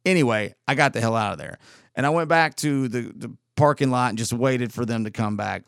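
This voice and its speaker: A man's voice: medium pitch, brisk, gravelly, clean tone, dry recording, studio quality. A man talking in a casual, rambling monologue, exasperated and full of restarts.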